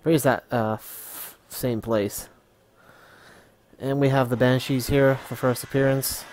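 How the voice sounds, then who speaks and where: A man's voice: mid-range voice, steady tone, unhurried, darkish tone, slight background noise. A man hosting a gaming livestream, casually explaining the game and swearing freely. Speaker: livestream host playing a game.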